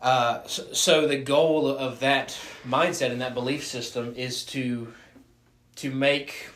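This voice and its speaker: A man's voice: medium pitch, takes it slowly, a little hiss or hum. Easygoing male college pastor, medium voice, echoey room recording. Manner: relaxed, affirming, says "dude" and "man". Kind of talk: casual interview chat. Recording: roomy echo.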